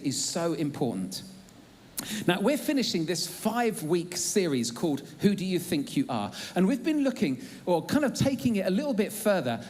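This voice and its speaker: A man, preaching a sermon to a church congregation in a chatty, humorous way with plenty of ums and uhs. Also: high voice. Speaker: pastor. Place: church auditorium.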